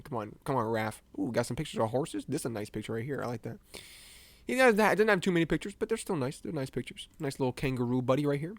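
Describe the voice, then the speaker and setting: Young man, American, casual stream chatter, self-mocking, mid-pitched voice, dry close sound. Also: sing-song, fast talker, no echo. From United States. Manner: rambling, self-mocking, laughs often. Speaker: streamer editing images live. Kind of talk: casual live-stream commentary.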